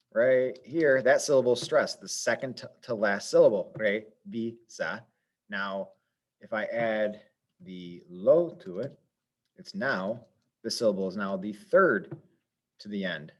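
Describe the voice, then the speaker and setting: A man's voice: fairly low pitch, dull audio. A man teaching a Spanish lesson step by step, patient and methodical, thinking aloud as he writes out examples.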